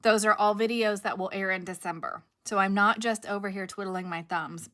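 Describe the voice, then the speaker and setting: A woman's voice: medium pitch, fairly even intonation, moderate pace, a bit bright. A middle-aged woman hosting a craft channel, chatting casually to camera in a rambling, self-correcting way with a cough drop in her mouth.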